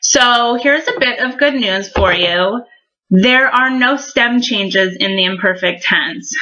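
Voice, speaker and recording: A woman's voice: fairly high pitch, slow pace, sharp tone, dull audio. A woman explaining verb endings in a recorded language lesson, friendly and patient, with frequent ums. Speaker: Spanish teacher.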